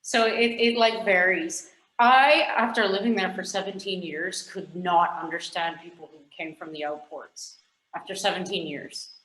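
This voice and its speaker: A woman's voice: lowish voice, steady tone, normal speed, fairly bright tone, reverberant, poor audio. A Canadian woman, a scientist guest, chatting frankly and rambling on a podcast, swearing casually now and then.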